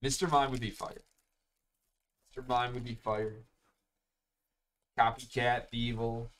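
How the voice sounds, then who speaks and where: A man's voice: medium pitch, flat delivery, unhurried, a bit bright, slight background noise. A young man hosting a live card break, chatting casually and calling out each card as he opens packs. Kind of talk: live-streamed pack opening chat.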